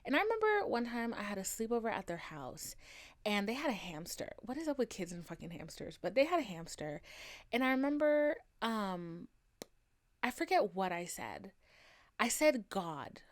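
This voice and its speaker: A young American woman hosting a podcast, telling a personal story in a casual, chatty way, with a Valley girl sound softened by a Southern twang and lots of "like" fillers. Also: mid-range voice. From United States and Haiti. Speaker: podcast host.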